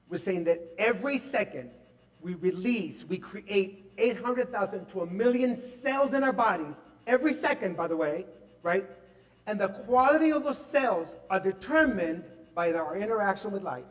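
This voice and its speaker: Brief: male preacher, higher-pitched voice, animated testimony full of "like" and "right?", long reverb hall. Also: normal speed. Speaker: speaker at a spiritual center service. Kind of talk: testimonial sermon. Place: large hall at a spiritual center.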